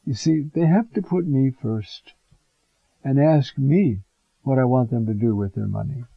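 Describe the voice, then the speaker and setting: Preacher voicing the Lord: a calm, kind man, gravelly, plain-spoken. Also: mid-range voice, unhurried, no echo, highs cut off. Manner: calm, plain, fatherly advice.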